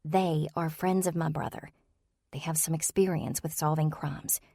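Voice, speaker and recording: A woman voicing a nervous female office worker who speaks in a hushed, pleading way, low in pitch and dry. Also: steady tone, normal speed, vocal fry, no room sound.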